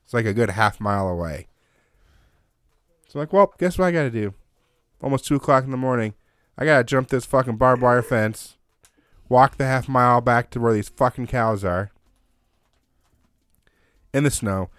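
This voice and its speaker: A man telling a long story in casual chat, animated and swearing constantly. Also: mid-range voice, moderate pace, pauses often, dry recording, clean studio sound.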